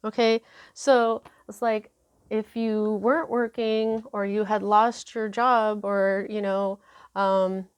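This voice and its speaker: A woman talks through a tarot spread at an unhurried pace, full of fillers and little asides. Her voice sits in a middling pitch. The recording is dry and close, with no room sound. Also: level tone, clear, resonant tone, dry recording. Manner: chatty, unhurried, many fillers. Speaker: tarot reader. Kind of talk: casual tarot reading.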